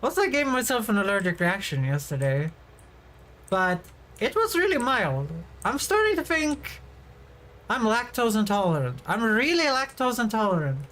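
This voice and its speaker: A woman's voice: fairly high pitch, sing-song, normal speed, fairly bright tone. A woman streamer chatting casually while she plays a farming game, rambling and now and then bursting out in frustration. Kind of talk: casual livestream chat while gaming.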